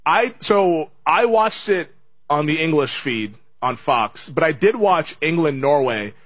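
A man's voice: on the high side, lively intonation, a little slow, fairly bright tone, dry recording. A man hosting a sports betting show, chatting casually through a live match watch-along with lots of fillers and laughs. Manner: chatty, laughs often, many fillers and restarts.

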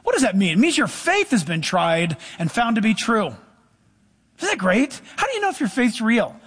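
A middle-aged male pastor preaching a sermon, animated, with sudden drops to soft, low asides. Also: normal speed, husky.

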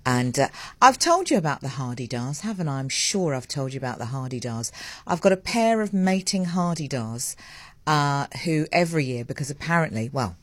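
A woman hosting breakfast radio, chatting in a lively, self-mocking way with lots of asides. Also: deep voice, moderate pace, no room sound. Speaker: radio host. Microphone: studio mic with headphones.

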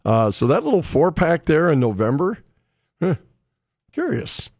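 A man hosting a sports radio show, talking football in a halting way with many restarts and fillers. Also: a little high, very animated, darkish tone, dry recording, muffled recording. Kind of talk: casual sports talk.

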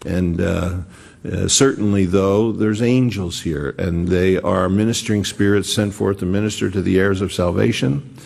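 A low-voiced preacher with a gravelly, creaky edge, delivering a sermon in an unhurried, earnest storytelling manner. He often restarts his sentences as he goes. A long reverb trails after his words, as in a large hall. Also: steady tone, a little mellow.

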